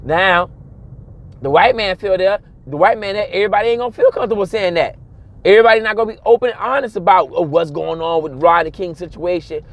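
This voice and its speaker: A man, giving a casual, animated monologue and mimicking other people's voices along the way. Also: sits high, fast talker. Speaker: commentator.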